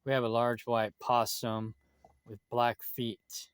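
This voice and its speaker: A man's voice: mid-range voice, little pitch movement, slow pace, clear, resonant tone, no room sound, clean studio sound. A man ranting bitterly in a vlog, complaining about someone with lots of swearing. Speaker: vlogger. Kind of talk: angry vlog rant.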